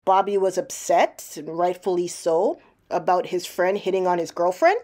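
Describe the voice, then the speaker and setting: A woman's voice: on the low side, moderate pace, dark tone. A woman giving sarcastic mock-detective commentary over clips, probing and building a case point by point. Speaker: commentary narrator.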